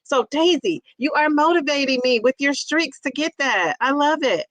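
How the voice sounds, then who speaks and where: A woman's voice: high-pitched, animated, moderate pace, no echo, poor audio. A woman in her fifties from Ohio, hosting a casual livestream and chattily greeting viewers from the chat. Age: 50s. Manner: chatty and effusive, greets viewers with loud bursts. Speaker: livestream host reading chat.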